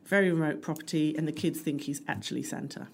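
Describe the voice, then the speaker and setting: A woman's voice: deep voice, fast, gravelly. Woman, podcast co-host, wry conversational delivery, light noise behind. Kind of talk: casual chat.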